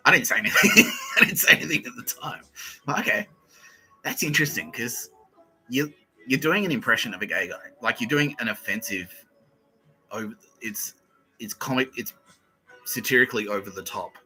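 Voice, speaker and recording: A man hosting a podcast, telling a comic story in a loose, sweary, animated way and laughing between phrases. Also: mid-range voice, a little fast, pauses often, faint music behind, rough recording. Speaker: podcast host. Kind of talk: casual comedic storytelling.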